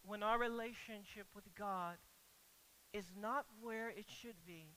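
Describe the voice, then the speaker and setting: A preacher in full sermon, voice bright and edged. They drop soft and low for reflection, then climb to loud, insistent questions, repeating words as they press each point. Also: a little slow, a little hiss or hum, poor audio. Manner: rises to loud, emphatic rhetorical questions, then drops quiet; stammers and repeats words when stressing a point.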